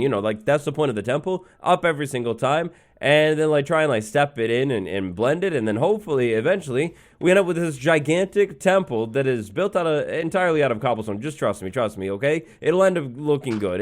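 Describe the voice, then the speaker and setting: Young guy talking over his game, mid pitch, rambly and jokey, lots of likes and uhs. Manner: rambling, joking, full of fillers and mock-innocent asides. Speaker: let's play host. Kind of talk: casual gameplay commentary.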